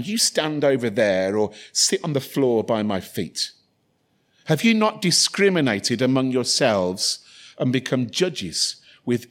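A man preaching a sermon, informal with joking asides and repeated phrases. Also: mid-range voice.

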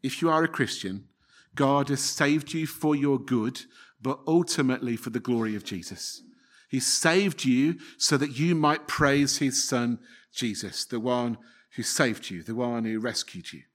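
A man's voice: mid-range voice, measured pace. A man preaching a sermon, earnest, often repeating his phrases and asking the congregation rhetorical questions.

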